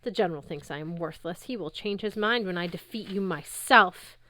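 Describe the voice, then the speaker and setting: A woman's voice: lowish voice, moderate pace, sharp tone. A woman voicing a sneering male monster villain with a heavy French accent, gloating and menacing in an audiobook reading. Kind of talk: audiobook character voice.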